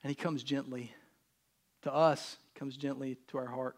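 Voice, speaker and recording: A man preaching a sermon in a conversational way. He swings from loud emphasis down to soft, near-whispered lines and acts out voices in casual speech. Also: medium pitch, little pitch movement, moderate pace. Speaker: pastor.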